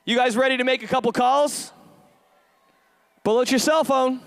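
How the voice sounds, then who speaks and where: A man giving a high-energy stage pep talk, rallying the crowd with call-and-response questions and shouted bursts of hype. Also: fairly even intonation, moderate pace, clean tone, no echo. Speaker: motivational event speaker.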